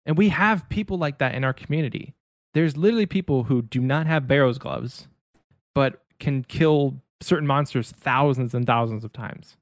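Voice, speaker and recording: A man's voice: mid-range voice, moderate pace, dry recording, studio quality. A man co-hosting a casual gaming podcast, explaining things in an easygoing, teasing way. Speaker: podcast co-host.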